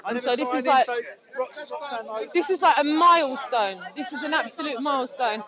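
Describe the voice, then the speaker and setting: Excitable woman in a noisy park crowd. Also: high-pitched, normal speed. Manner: excitable, effusive, swears casually. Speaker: vlogger filming at a public speaking spot. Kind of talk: casual outdoor chat. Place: busy outdoor public park. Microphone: handheld phone camera. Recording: dull lo-fi phone audio, loud crowd.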